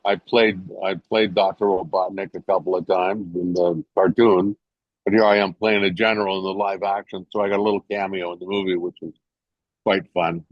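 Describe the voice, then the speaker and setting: An older man from England, an actor guest on an interview show, telling a story in a lively, animated way. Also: brisk, no room sound, lo-fi sound. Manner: animated storyteller, jumps to high voices when quoting others. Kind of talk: casual anecdote telling.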